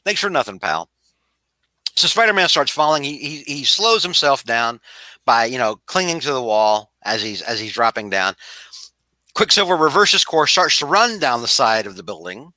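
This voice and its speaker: A man's voice: medium pitch, big pitch swings, normal speed, bright, forceful tone, no room sound, rough recording. A man hosting a casual podcast chat, rambling with many restarts and laughing at his own jokes. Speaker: podcast host.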